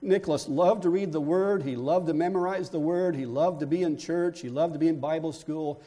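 A man with a notably high voice delivers a sermon from the pulpit. He leans on repetition, coming back to the same lines again and again to drive each point home. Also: a little fast, dark tone. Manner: preaching with emphatic repetition. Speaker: pastor.

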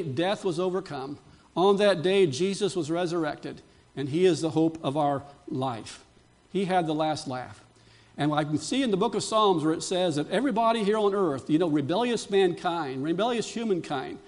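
A male pastor preaching a sermon to his congregation, building to emphatic, fervent peaks between quieter storytelling, with frequent restarts. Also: high voice.

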